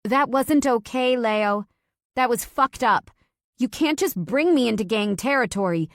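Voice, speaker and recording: Brief: woman playing a furious young wife, loud and heated, dry close sound. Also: fairly high pitch, moderate pace, no room sound, voice pushed up, lightly acted. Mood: outraged. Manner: heated, outraged, raised voice.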